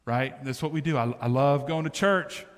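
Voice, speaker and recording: A man's voice: medium pitch, moderate pace. A man preaching a sermon as pastor, talking to the congregation in an emphatic, conversational way that builds in intensity. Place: church sanctuary. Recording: reverberant church hall.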